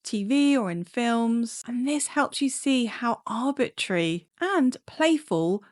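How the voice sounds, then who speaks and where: A woman clinical psychologist explaining coping techniques in a calm, measured way. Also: fairly high pitch. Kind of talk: instructional talk to camera.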